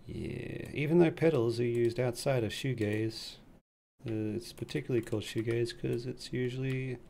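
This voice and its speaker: A man's voice: mid-range voice, normal speed, vocal fry, dark tone, a little hiss or hum. A man chatting casually on a live stream, rambling and joking as he reads the chat.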